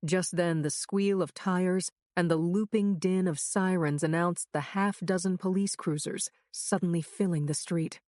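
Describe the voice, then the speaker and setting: A woman's voice: on the low side, darkish tone, no room sound, clean studio sound. A woman narrating a crime thriller audiobook in the first person with a tense, urgent reading.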